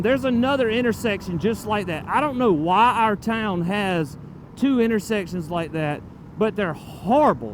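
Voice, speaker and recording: A man with a high voice, captured in a low-quality recording, rides a motorcycle through town while rambling to his viewers. He's chatty and loose, drifts off topic and swears now and then. A helmet-mounted camera mic picks up his talk along with outdoor road and traffic noise.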